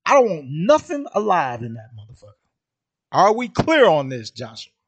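A man's voice: a little high, wildly swooping pitch, normal speed, slightly rough, dry recording, exaggerated voice. A man voicing the biblical God as a stern male ruler giving matter-of-fact orders in a comedic retelling. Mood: commanding. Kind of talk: comedic retelling in a podcast monologue.

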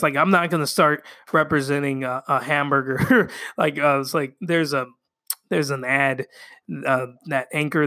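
A man's voice: fairly high pitch, a bit bright. A man hosting his own podcast in casual solo chat, rambling with lots of fillers and laughing at his own jokes. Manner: rambling, filler-heavy, self-amused. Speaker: podcast host.

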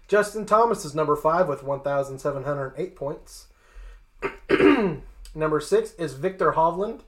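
Casual sports host reading rankings. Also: mid-range voice. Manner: reads lists plainly, joking asides.

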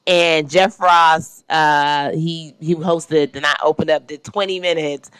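Laughing woman podcast host, smooth voice. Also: sits low, takes it slowly, no echo. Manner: laughing, animated storytelling. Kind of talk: casual chat.

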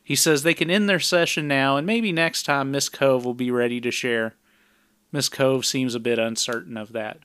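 A man's voice: mid-range voice, steady tone, normal speed, a bit bright, smooth, no echo. A man co-hosting a podcast, summarizing a film's plot in a plain conversational way with dry asides. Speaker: podcast co-host recapping a film. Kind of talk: casual recap narration.

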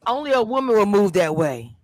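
A woman hosting a live online review panel, talking in a lively, slangy way and laughing often. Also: medium pitch, fairly quick. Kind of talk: lively casual chat.

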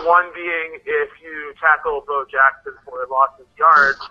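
A man leaving a relaxed, somewhat halting voicemail for a podcast. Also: on the high side. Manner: relaxed, easygoing, a bit halting. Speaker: caller. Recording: dull phone-line voicemail.

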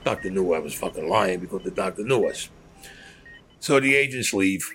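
A man's voice: deep voice, animated, moderate pace, a bit bright, a little hiss or hum. A man telling a blunt, profane story as an interviewee, acting out the dialogue as he goes. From New York. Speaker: former mobster interviewee.

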